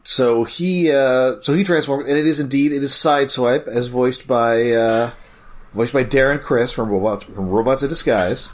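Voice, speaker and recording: A man's voice: medium pitch, normal speed. A man co-hosting a casual podcast, recapping an episode with rambling, playful asides. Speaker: podcast co-host.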